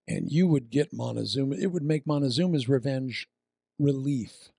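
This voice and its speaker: A man preaching a sermon, telling a funny travel story with animated shouted lines before turning to quiet prayer. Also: medium pitch, measured pace, creaky, slightly rough, dry recording.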